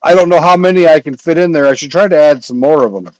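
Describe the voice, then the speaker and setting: A man hosting a casual livestream, chatting in a rambling way with filler pauses. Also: on the high side, a little mellow, no room sound, dull audio. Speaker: livestream host.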